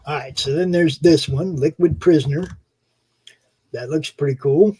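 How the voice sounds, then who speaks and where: A man's voice: on the high side, moderate pace, dark tone, breathy edge, rough recording. A man co-hosting a casual livestream chat, rambling and offhand and swearing casually as he looks over new comics. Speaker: co-host.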